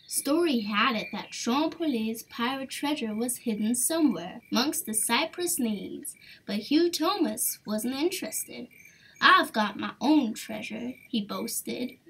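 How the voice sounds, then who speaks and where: A woman reading a children's book aloud with expressive, animated storytelling. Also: a little high, husky, rough recording. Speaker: storybook reader.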